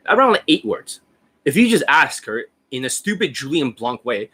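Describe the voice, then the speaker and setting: A blunt, foul-mouthed dating coach in his forties, talking casually and demonstrating as he goes. His voice is bright and forward, with a husky, slightly rough edge. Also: fairly high pitch, sing-song, normal speed. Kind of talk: casual instructional talk.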